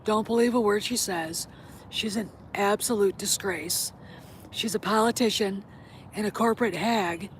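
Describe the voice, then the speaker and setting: A woman's voice: mid-range voice, a little hiss or hum. Blunt, opinionated woman vlogger. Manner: blunt, opinionated, swears freely. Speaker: host. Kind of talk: casual vlog chat.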